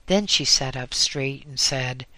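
A man reading a story aloud in an unhurried, dry, wry manner. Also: medium pitch, sharp tone, dry recording. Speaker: narrator. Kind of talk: storybook narration.

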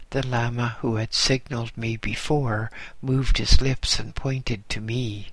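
A man reading a first-person story aloud in a measured, gently wry way. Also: medium pitch, fairly even intonation, no room sound. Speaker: narrator. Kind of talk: first-person audiobook narration.

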